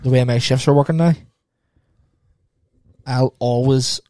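A man's voice: medium pitch, moderate pace, mellow, dry recording. Tired, laid-back man. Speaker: podcast co-host. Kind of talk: casual chat. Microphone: podcast mic.

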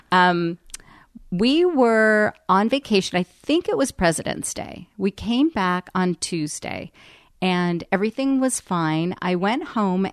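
Candid, chatty woman with a low voice. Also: no room sound, clean studio sound. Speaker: radio personality, interview guest. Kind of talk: candid storytelling in a podcast interview.

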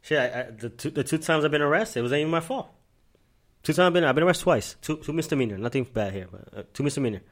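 A man's voice: on the high side, lively intonation, quick pace. A young man from Miami hosting a casual podcast, telling profane street stories and acting out the lines of people in them. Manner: profane street storytelling, acts out quotes. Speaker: podcast host.

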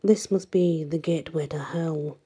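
A woman reading aloud, voicing a steady male church sexton who answers quietly, half to himself. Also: deep voice, moderate pace, slightly rough. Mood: hushed.

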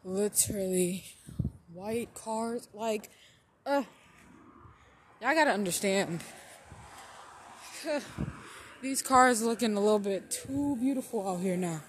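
A woman hosting a podcast, riffing in casual, slangy commentary, blunt and profane with drawn-out emphasis. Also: mid-range voice, slight background noise. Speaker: podcast host.

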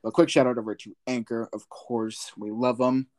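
A young man hosting a podcast, chatting casually about sports in a relaxed way with many fillers. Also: mid-range voice, normal speed. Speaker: podcast host.

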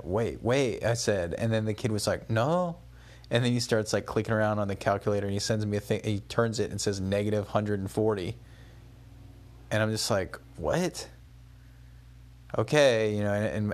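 A young man talking through his day as a casual spoken travel diary, rambling and conversational, with many fillers and restarts. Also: on the low side. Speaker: travel vlogger.

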